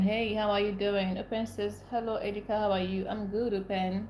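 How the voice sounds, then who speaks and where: A woman's voice: medium pitch, level tone, normal speed, darkish tone, slight background noise. Young woman livestream host from Nigeria, upset and ranting, greets chat by name. Echoey room. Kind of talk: casual live-stream chat, reading comments.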